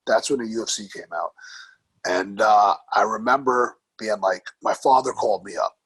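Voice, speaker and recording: Husky male guest, dry mic, animated casual storyteller. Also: on the low side, moderate pace, no echo, low-quality recording. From New York. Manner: animated, laughs often, swears casually. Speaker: podcast guest, grappling coach.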